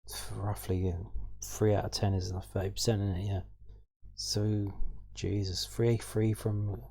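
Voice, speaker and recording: Flat-voiced hesitant man reading stats. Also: fairly low pitch, a little slow, gravelly. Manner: hesitant, many ums and restarts, thinking aloud. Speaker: football fan channel host. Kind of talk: casual stats rundown.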